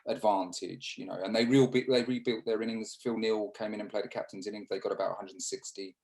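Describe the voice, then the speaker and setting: An English man in his fifties, a former cricketer, telling stories in a casual interview over a video call, halting with restarts and fillers. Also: on the low side, steady tone, gravelly, a little mellow, low-quality recording. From England.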